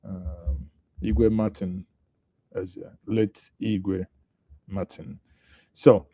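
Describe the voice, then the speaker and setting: A man's voice: low-pitched, fairly even intonation, drawn-out words, pauses often, mellow, husky, no room sound. A Nigerian man hosting a live online news show, chatting with viewers and commenting on the headlines. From Southeast Nigeria. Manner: chatty, greets viewers, thinks aloud. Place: studio.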